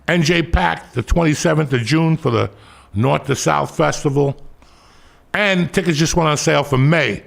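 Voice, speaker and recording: A man in his sixties telling crude comedic stories as podcast host, loud and profane, often breaking into laughter. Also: on the high side, moderate pace, gravelly. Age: 60s. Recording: noisy podcast recording.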